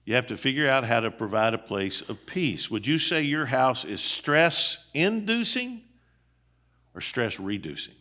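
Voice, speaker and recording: A middle-aged man preaches in a relaxed, conversational way, his voice bright and forceful. He talks in plain, folksy terms and keeps throwing rhetorical questions at his listeners. His pitch sits mid-range for a man. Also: unhurried. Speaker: seminary dean teaching on marriage. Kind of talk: conversational sermon. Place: church.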